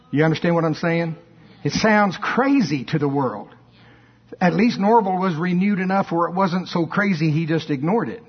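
Animated, husky-voiced preacher telling a story. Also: male voice, on the high side. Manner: animated and emphatic, with asides to the congregation. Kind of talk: storytelling sermon. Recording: dull lo-fi sermon recording.

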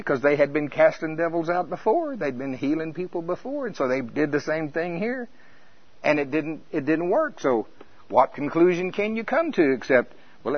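A man's voice: mid-range voice, slightly rough, dull audio. An older man preaching a sermon in a folksy, impassioned way that rises and falls.

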